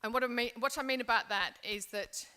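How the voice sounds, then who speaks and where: A woman's voice: a little high, brisk, sharp tone, smooth. A woman from England presenting a seminar, speaking in an earnest, reflective way with frequent restarts. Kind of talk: seminar talk.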